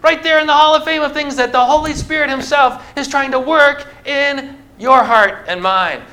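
Speaking at normal speed in an extremely high, pushed, bright voice, a pastor preaches to a congregation in church. He poses rhetorical questions and walks them through simple object lessons.

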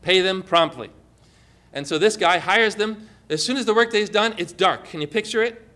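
Male preacher, sermon, animated, rhetorical questions, high voice. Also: moderate pace.

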